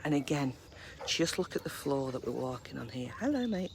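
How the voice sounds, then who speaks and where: A woman chatting casually on a live stream while walking her dogs in a park, cooing at them in a high baby voice. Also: very animated, normal speed, gravelly, noisy background. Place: woodland park outdoors, early morning.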